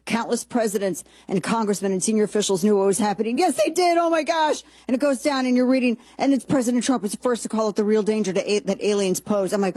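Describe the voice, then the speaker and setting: A woman giving sarcastic, animated commentary in a casual talk, often jumping into excited squeals. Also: mid-range voice, a little fast, no echo.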